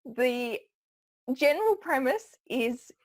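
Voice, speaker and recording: A woman's voice: high-pitched, big pitch swings, slow. A woman who trains people in public speaking, a guest giving conversational expert advice and laughing often as she explains.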